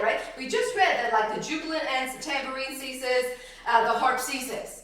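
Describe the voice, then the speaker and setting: A woman preaching in an emphatic religious talk, laughing often and swinging between loud outbursts and hushed words. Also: sits high, normal speed, hardly any pauses, a little hiss or hum. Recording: roomy, far from the mic.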